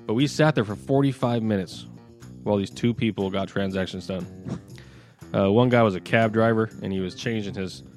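A man's voice: on the low side, a little fast, a little mellow, faint music behind. A man in casual podcast chat, telling a rambling story and laughing mid-story.

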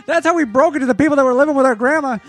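High-voiced joking podcast co-host man. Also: racing, a bit bright, soft background music. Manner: dry joking asides. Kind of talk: casual chat.

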